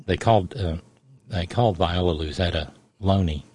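A man's voice: low-pitched, moderate pace, a little mellow, breathy edge, no room sound. A middle-aged man hosting a radio show, telling a family story in a rambling, digressive way. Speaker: radio host. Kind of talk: casual radio monologue.

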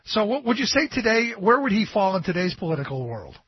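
A man's voice: sits high, sing-song, fairly quick, husky, dry recording. A man hosting a radio interview, talking in a conversational, agreeable way with casual asides. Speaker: radio host. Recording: dull, dry lo-fi radio sound.

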